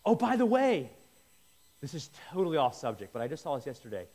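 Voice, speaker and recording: A pastor with a medium-pitched, slightly mellow voice leads an informal Bible teaching, very animated and fast. He's conversational and jokey, tossing in asides and often stopping and restarting mid-sentence.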